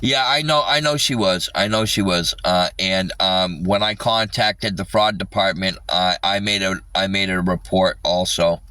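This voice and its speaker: A man rambling in casual livestream chat, swearing often and halting with lots of fillers. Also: low-pitched, bright, forceful tone, clean tone, dry recording, far from the mic.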